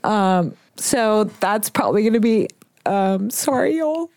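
A woman's voice: mid-range voice, animated, a little slow, darkish tone, slight background noise. A woman, hosting a podcast and telling stories in a casual, chatty way. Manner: chatty storyteller with Southern "y'all", swearing and laughs. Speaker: podcast host. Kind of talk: casual chat.

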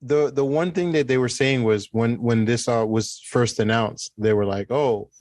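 A man co-hosting a casual chat, speaking in a hesitant, measured way with many ums and restarts. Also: mid-range voice, darkish tone, no room sound. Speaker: podcast co-host.

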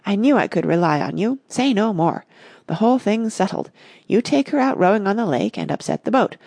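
A woman reading as an impulsive young gentleman. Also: medium pitch, animated, vocal fry, dry recording. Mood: eager. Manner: brisk, exclamatory, impatient.

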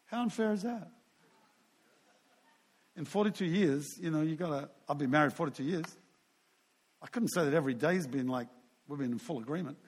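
An older man preaching a sermon in a relaxed, chatty manner, his voice sitting a touch higher than most men's. He wanders off into asides and pokes fun at himself. He keeps a friendly, unpolished tone. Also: brisk, pauses often, breathy edge. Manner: conversational, rambling with asides and self-deprecating humor. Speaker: pastor.

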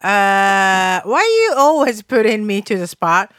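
Woman, 30s, podcast co-host, casual chat, lively pitch, bright tone, dry sound. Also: measured pace, clear, resonant tone, no echo. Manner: animated, blunt, laughs often.

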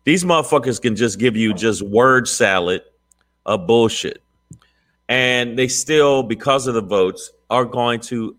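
A man co-hosting a casual political chat show, profane and animated, often mocking others in put-on voices. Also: medium pitch, a little slow. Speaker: podcast co-host.

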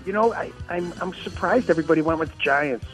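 A man giving sports betting picks on the radio, brisk and confident. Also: on the high side, faint music behind, low-quality recording. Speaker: guest picker. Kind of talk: casual sports chat.

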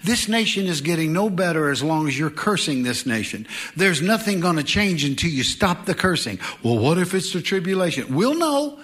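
Middle-aged preacher guy, high voice, lively and jokey, talks to the church like old friends. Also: moderate pace, hardly any pauses. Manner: animated preaching, joking asides and mock voices. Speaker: pastor. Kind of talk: sermon.

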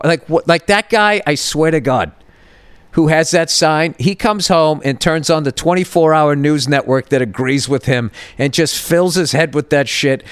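A man's voice: on the high side, clear, resonant tone, no room sound. A man in his fifties hosting a podcast, telling a rambling, profane comedic story with lots of restarts. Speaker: podcast host.

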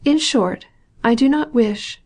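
An agitated young wife, recovering from illness, speaking in a hushed and halting way, as a woman narrator puts her on. Her words come out urgent and uneasy. The voice stays mellow and low-key. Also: animated.

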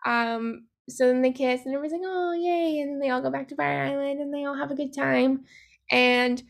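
A young woman with a high voice and a gravelly edge, chatting casually as a podcast co-host. She recaps a film in loose, profane talk full of asides and acts out what the characters say. She sounds relaxed and talkative. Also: a little fast. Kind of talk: casual chat recapping a movie.

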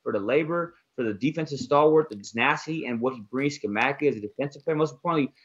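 A man co-hosting a casual basketball podcast, talking fast and emphatically and leaning on "most importantly". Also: medium pitch, husky, highs cut off. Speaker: podcast co-host, basketball analyst. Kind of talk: casual sports talk.

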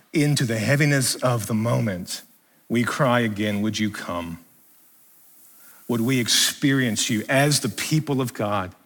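A man preaching a sermon to a congregation in a church, building with impassioned repetition and later praying softly. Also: mid-range voice, in a large hall. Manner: soft, hushed praying. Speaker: pastor. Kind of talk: sermon with closing prayer. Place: church hall with live congregation.

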